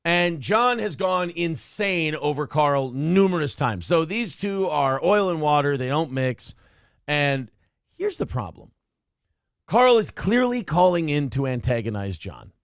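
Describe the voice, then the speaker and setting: A male show host rants through his commentary, blunt and profane. His voice is gravelly and lively in pitch, slightly higher than most men's. The sound is dry and close. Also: a little slow, dry recording. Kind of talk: casual commentary on a clip.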